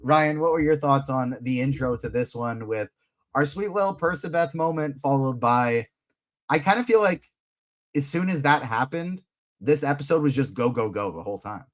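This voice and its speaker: A man of middling pitch co-hosts a live fan breakdown, chatting with real enthusiasm. He is heard over a video call and jumps into quoted lines as he goes. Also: lively intonation. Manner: enthusiastic, quick to act out quotes. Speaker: co-host. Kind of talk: live episode breakdown chat.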